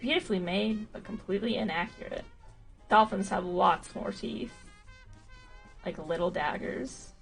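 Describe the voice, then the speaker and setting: A woman's voice: mid-range voice, a little slow, vocal fry, soft background music. A young woman streaming a game playthrough, making dry, wry asides.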